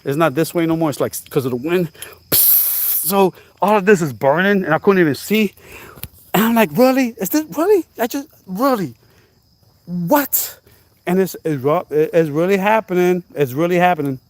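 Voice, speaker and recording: A man vlogging outdoors at night, telling a story in an animated, repetitive, exclaiming way, now and then coughing. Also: on the high side, fairly quick, dry recording. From New Jersey. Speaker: channel host. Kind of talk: casual storytelling vlog.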